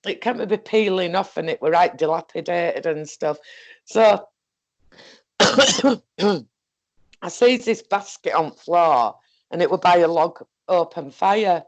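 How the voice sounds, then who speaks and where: A woman's voice: fairly low pitch, slow, long pauses. A woman with a Northern English accent telling a story in casual chat, rambling along and laughing often. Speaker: co-host.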